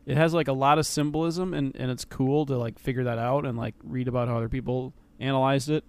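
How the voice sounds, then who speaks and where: A man's voice: medium pitch, steady tone, quick pace, clean tone. A man co-hosting a casual podcast chat, joking and trailing off while he searches for words. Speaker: podcast co-host.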